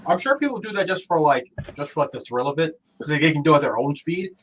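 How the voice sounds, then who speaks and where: High, lively young man joking around. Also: fast, a little hiss or hum. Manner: animated, laughing, rambling. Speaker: podcast co-host. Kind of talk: casual crude chat.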